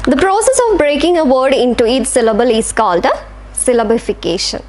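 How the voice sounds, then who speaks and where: High-voiced woman teaching English. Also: lively intonation, fairly quick, darkish tone, a little hiss or hum. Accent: Indian English. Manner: patient, demonstrates words syllable by syllable. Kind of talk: classroom lecture.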